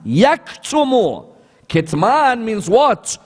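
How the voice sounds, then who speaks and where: A man's voice: high-pitched, lively intonation, unhurried. A man giving a sermon lecture, telling a story and asking rhetorical questions that he then answers. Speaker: Islamic lecturer. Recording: long hall reverb.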